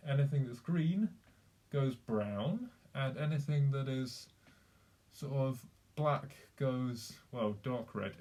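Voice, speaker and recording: A man's voice: mid-range voice, darkish tone. A young man chatting casually on a live stream, rambling with many fillers and restarts.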